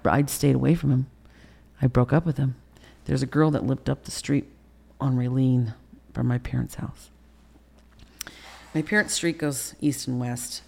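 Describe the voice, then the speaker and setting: A woman's voice: very deep voice, gravelly, darkish tone, slightly rough. A woman in her sixties, an interview guest telling her life story bluntly and profanely. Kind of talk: candid storytelling in a podcast interview.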